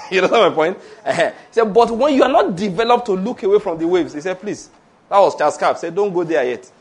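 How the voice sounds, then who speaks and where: Fast and husky, with a voice that sits high, a pastor delivers an animated sermon. Laughing asides punctuate his points, and he has the congregation echo his words.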